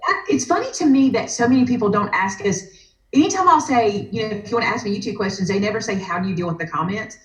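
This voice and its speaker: A woman with a Southern US accent, chatting as a guest on a live crafting stream and telling stories with animated energy. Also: mid-range voice, fast talker, roomy sound, rough recording.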